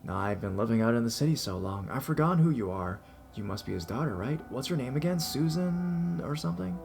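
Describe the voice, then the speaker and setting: A man voicing a drunk older man on the phone, wheezing, slurred and rasping, with slow, drawn-out speech. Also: medium pitch, expressive, darkish tone, soft background music, voice pushed up. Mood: slurring, leering.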